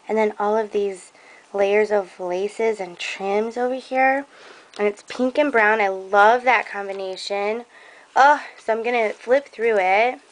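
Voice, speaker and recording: A woman's voice: mid-range voice, low-quality recording. A young woman showing off craft gifts on camera, gushing and effusive about everything. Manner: gushing and effusive, slow and drawn out. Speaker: crafting vlogger. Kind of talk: casual show-and-tell unboxing.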